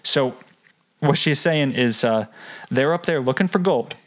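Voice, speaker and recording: A man's voice: medium pitch, a little slow. A male podcast co-host reading passages from a book aloud, then breaking into casual, swearing commentary. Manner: swears casually, chatty asides.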